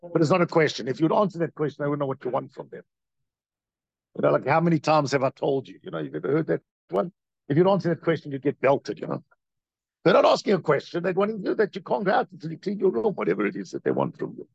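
A man giving a Torah class as its teacher, in an animated, questioning way full of rhetorical questions. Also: a little high, fast, vocal fry, slightly rough, dry recording, dull audio.

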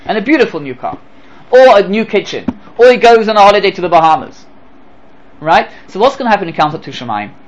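A man giving a Torah lecture as a rabbi, animated, asking rhetorical questions and acting out little dialogues. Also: high-pitched, fast talker, dull audio, slight background noise.

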